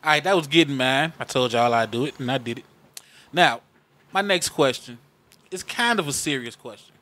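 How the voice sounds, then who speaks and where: A man hosting a radio interview, wrapping up a track and posing a serious question in a measured way. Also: medium pitch, bright, forceful tone. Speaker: radio show host.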